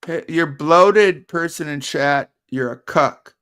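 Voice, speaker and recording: Teasing man with a smooth voice. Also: fairly high pitch, slow pace, fairly bright tone. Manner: teasing, needling. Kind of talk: casual chat.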